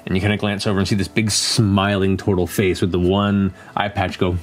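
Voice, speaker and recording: A man's voice: deep voice, flat delivery, a little fast. A man narrating scenes as a game master, describing at length and calling for rolls. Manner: descriptive, with many fillers and restarts.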